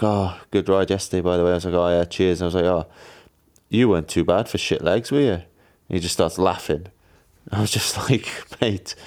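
Low bloke, rambly chatty cycling yarns, deep voice. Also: male voice, a little mellow. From Wales. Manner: chatty storytelling, lots of fillers and mimicked voices. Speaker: pro cyclist, podcast co-host. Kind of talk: casual chat.

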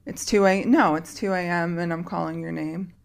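A woman, a therapist co-hosting a podcast, talking in a relaxed, hesitant way with many fillers. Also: lowish voice, fairly quick, creaky. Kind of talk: casual podcast chat.

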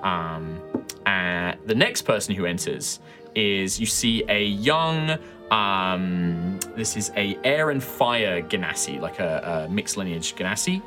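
A man's voice: deep voice, expressive, slow pace, over music. A man running a tabletop game as game master, describing characters with many ums and likes.

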